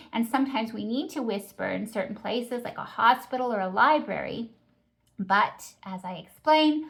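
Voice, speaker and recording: A woman's slightly high voice carries a calm, instructional talk on early childhood music. She explains things patiently and practically, like a teacher guiding other teachers.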